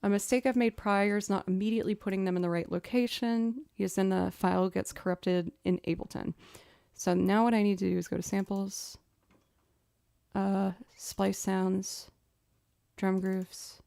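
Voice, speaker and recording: A young woman musician chatting casually as she builds a music loop, thinking out loud and making fun of her own mistakes. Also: mid-range voice, steady tone, moderate pace, creaky, smooth, no echo, studio quality. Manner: chatty, thinks aloud, self-deprecating. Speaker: musician streamer. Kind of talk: casual chat while producing music. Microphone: studio mic.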